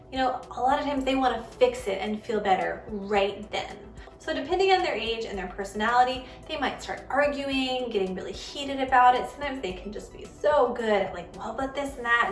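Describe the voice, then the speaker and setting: This parenting vlog host, a woman in her thirties, has a fairly high voice and is captured from a distance, slightly off-mic, in an echoey space with faint music behind her. Speaking casually to camera, she gives earnest, conversational advice on kids' feelings and acts out quoted kids and parents.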